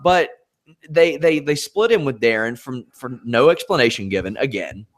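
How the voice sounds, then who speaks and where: A man's voice: medium pitch, lively intonation, moderate pace. A man hosting a podcast, moving through topics in a conversational way and putting questions to his co-host. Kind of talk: casual podcast chat.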